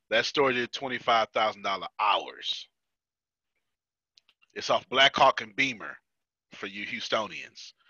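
An American man running a team meeting in a loose, joking way, laughing as he tells work stories. His voice is very bright and sharp. The sound is dry and a little muffled. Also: medium pitch, no echo. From United States. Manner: joking, storytelling, laughs often. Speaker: meeting host. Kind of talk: casual team meeting talk.

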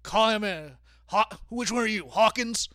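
A domineering older wrestling boss barks and brags in a booming voice, as a man puts him on for a laugh. The delivery is pushy and theatrical. The sound is dry and close. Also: normal speed, sharp tone, no echo. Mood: boastful. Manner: bellowing, domineering.

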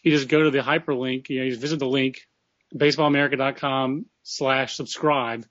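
A man's voice: mid-range voice, steady tone, brisk, fairly bright tone, no room sound. A man hosting a casual podcast chat, talking freely and reading a sponsor plug. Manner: chatty, reads sponsor plug. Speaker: podcast host. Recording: dull lo-fi audio.

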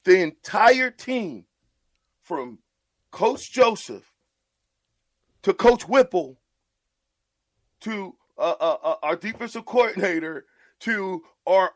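A man's voice: sits high, a bit bright, no echo, clean studio sound. A man co-hosting sports talk in an easygoing, teasing way.

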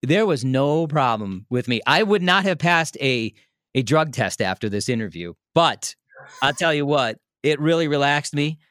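A man's voice: on the high side, normal speed, dry recording. Chatty man telling a story, dry close sound. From Milwaukee area, United States. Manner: animated, laughing, chatty with many restarts. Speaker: radio host telling a story as a podcast guest. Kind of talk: casual storytelling.

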